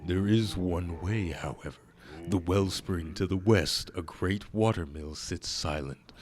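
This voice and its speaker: A man voicing an ancient male frog guardian in a game, speaking slowly and gravely. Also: low-pitched, darkish tone. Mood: solemn. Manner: slow, grave and deliberate.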